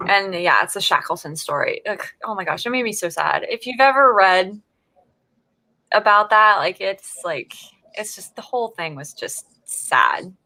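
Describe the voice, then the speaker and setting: A woman's voice: medium pitch, expressive, moderate pace, pushed and bright, no echo. A woman hosting a casual livestream, reading out chat messages, laughing often and tripping over her words. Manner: giggly, trips over words.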